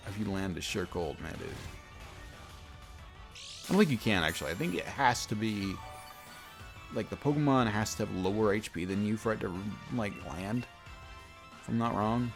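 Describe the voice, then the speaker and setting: A young man with a deep, low voice that often drops into gravelly fry, talking casually while he plays a game. He rambles and interrupts himself, stacking fillers and restarts as he tells a story, with faint game music underneath. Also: moderate pace, long pauses. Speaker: gaming YouTuber. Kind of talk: casual let's-play chat with storytelling.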